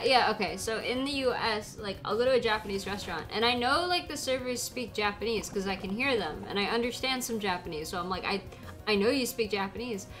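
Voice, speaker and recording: A young woman streaming a game, chatting casually and rambling with frequent giggles. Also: medium pitch. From United States. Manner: giggly, laughs often, rambling. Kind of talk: casual chat while playing a game.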